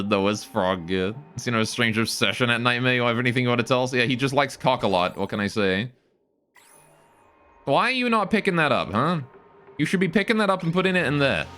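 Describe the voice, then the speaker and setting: A man's voice: mid-range voice, lively intonation, a little fast, pushed and bright, soft background music. A man streaming a game live, joking with his chat while he plays. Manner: joking, chats with viewers while playing.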